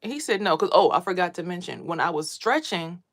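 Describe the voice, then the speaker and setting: A woman vlogger telling personal stories casually, lively and swearing freely as she acts out what others said. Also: on the low side, a little fast.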